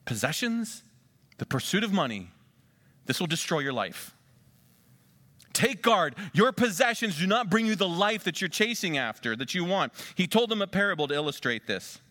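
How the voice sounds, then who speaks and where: A middle-aged pastor from Western Pennsylvania preaching a sermon in a conversational way, full of rhetorical questions. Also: male voice, high voice, sing-song, moderate pace, pushed and bright.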